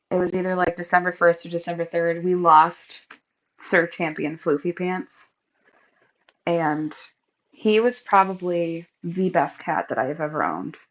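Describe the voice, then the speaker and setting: A young adult woman hosting a candid, emotional catch-up podcast, talking over a crackly built-in mic. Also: fairly low pitch. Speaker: podcast host. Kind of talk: personal catch-up podcast monologue.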